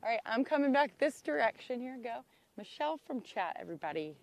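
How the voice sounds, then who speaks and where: A woman hosting an outdoor livestream, talking excitedly into a handheld camera by a public road. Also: on the high side, quick pace, vocal fry, dry recording. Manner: excitable, exclaims often. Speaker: livestream host.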